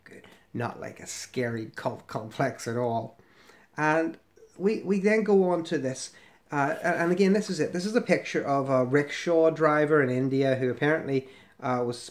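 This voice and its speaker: A man's voice: mid-range voice, normal speed. Middle-aged man, mid-range voice, loose sarcastic vlog commentary full of asides. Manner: sarcastic, rambling with fillers. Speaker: ex-member commentator. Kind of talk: casual commentary on a website.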